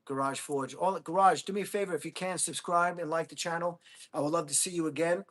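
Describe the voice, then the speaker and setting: A man's voice: a little high, steady tone, brisk, fairly bright tone. Rambling man in his fifties on a livestream. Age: 50s. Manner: rambling, friendly, talks straight to viewers with "buddy" and "bro". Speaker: livestream host. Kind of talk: casual livestream chat with viewers.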